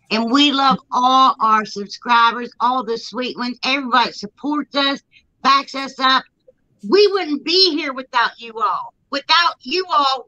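A woman's voice: high voice, sharp tone, no room sound, lo-fi sound. A woman chatting casually as a YouTube host, blunt and joking, laughing often. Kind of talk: casual chat.

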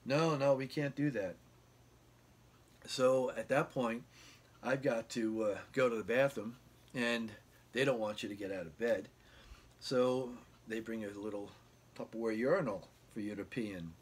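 A man's voice: on the low side, fairly even intonation, normal speed, breathy edge. A man casually telling a long rambling story from his bedroom, acting out the quoted dialogue with lots of fillers and restarts. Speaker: guitar vlogger. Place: home bedroom.

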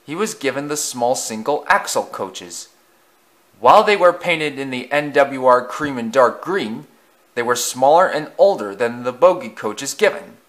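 A man narrating a children's railway story in a gentle, measured way. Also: mid-range voice, expressive.

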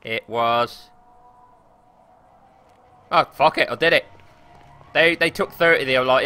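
A young man streaming a game live, commentating excitably with frequent swearing and laughter into a desk or headset microphone. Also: mid-range voice, takes it slowly, pauses often, clear, resonant tone. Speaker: gaming streamer.

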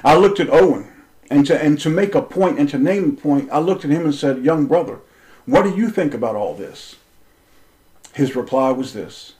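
An intense man with a somewhat high voice tells a story straight to his listeners. He is confrontational and swears freely. His delivery swings between a raised voice and a low grumble. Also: expressive, moderate pace, darkish tone, low-quality recording. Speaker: online preacher telling a personal story. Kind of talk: impassioned storytelling monologue.

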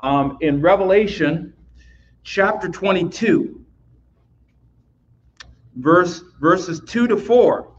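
A man's voice: high-pitched, animated, slow pace, long pauses, dull audio, a little hiss or hum. A man teaching a Bible lesson in a conversational way, often restarting phrases and checking in with "right?" as he explains the text.

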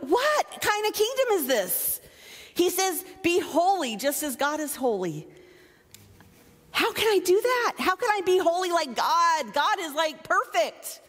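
A woman preaches with an animated, joking, self-deprecating manner. Her voice sits high, and it rings out with a long reverb from a church hall. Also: measured pace. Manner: animated, playful, self-mocking asides. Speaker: pastor. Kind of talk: sermon. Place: church sanctuary.

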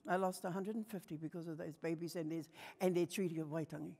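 An older woman with a New Zealand accent, giving a passionate personal storytelling talk at a conference, moving between soft and emphatic. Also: lowish voice, steady tone, quick pace, background noise. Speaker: conference speaker. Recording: long hall reverb.

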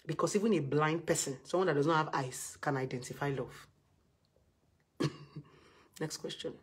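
A woman's voice: low voice, moderate pace, slightly rough. A woman with a Nigerian accent giving blunt, scolding relationship advice in a live video session.

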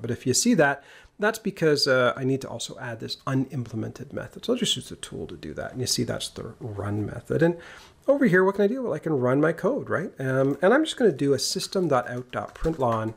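A male programming instructor with a mid-range voice and some vocal fry talks through a screen-recorded coding tutorial. He keeps it casual and jokey, narrating each step while he types code.

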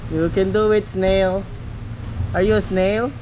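A man's voice: high voice, little pitch movement, unhurried. A father filming his child, playfully cheering and coaxing them on in a casual home video. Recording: outdoor noise in background.

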